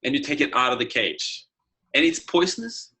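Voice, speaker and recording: A man chatting casually as a guest, telling lively stories and acting out what people said. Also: mid-range voice, moderate pace, breathy edge, rough recording. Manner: lively storyteller, acts out quotes. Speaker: guest, wingsuit flyer. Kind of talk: casual chat.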